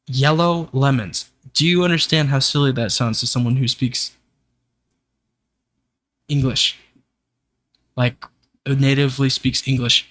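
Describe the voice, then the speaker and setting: A man's voice: mid-range voice, fairly even intonation, a little slow, long pauses, fairly bright tone, dry recording. A young man streaming live, ranting casually to his chat with frequent swearing. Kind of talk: casual livestream rant.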